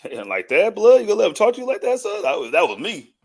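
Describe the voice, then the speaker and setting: Male co-host, high pitch, gravelly, playful trash talk. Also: huge pitch swings, quick pace. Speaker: podcast co-host. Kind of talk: casual podcast banter.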